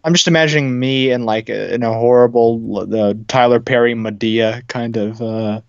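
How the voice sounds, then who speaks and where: Co-host, man, wry, halting delivery, muffled dry sound. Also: mid-range voice, fairly even intonation, a little mellow, smooth, dry recording. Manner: wry, hesitant. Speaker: podcast co-host. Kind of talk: casual podcast chat. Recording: dull dry mic.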